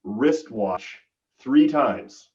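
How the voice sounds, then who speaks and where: A man's voice: mid-range voice, expressive, extremely slow, darkish tone. Earnest man on a muffled distant call. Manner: enthusiastic, earnest. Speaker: guest. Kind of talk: casual chat. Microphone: video call.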